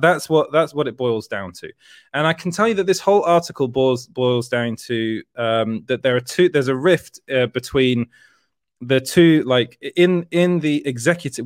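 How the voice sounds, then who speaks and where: Here a British host with a medium-pitched voice rambles through a casual livestream chat. The sound is dry and close without echo, and he keeps restarting sentences, correcting himself, and laughing often.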